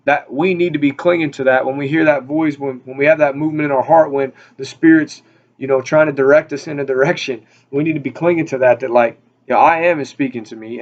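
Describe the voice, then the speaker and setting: A man's voice: medium pitch, highs cut off. A man giving a casual, rambling Bible study talk, full of fillers and repeated words. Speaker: Bible teacher.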